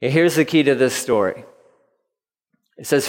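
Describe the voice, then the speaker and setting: A man's voice: medium pitch, normal speed, pauses often, clean tone, in a large hall. A male pastor preaching a sermon, telling the story vividly and repeating key lines for emphasis.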